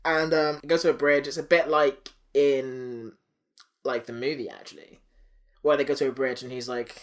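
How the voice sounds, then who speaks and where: A man's voice: on the high side, steady tone, normal speed, fairly bright tone. A man hosting a podcast, casually recapping a cartoon episode with silly voices and swearing. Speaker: podcast host.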